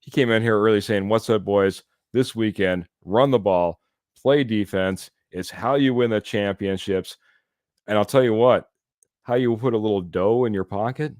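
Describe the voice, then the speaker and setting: A man's voice: lowish voice, moderate pace, darkish tone, no room sound, clean studio sound. A man co-hosting a casual sports podcast, upbeat and chatty, tossing "man" into nearly every sentence. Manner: upbeat, says "man" a lot. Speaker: podcast co-host.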